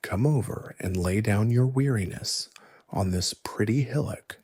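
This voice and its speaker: A man voicing a clever young woman, a giant's daughter, who calmly instructs the hero, in soft ASMR storytelling. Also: fairly low pitch, a little slow, husky, no echo.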